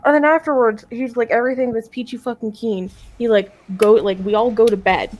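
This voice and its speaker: A woman's voice: fairly high pitch, steady tone, fairly quick, dull audio. A young woman telling a long family story in casual chat, rambling with lots of fillers, swearing freely and laughing often.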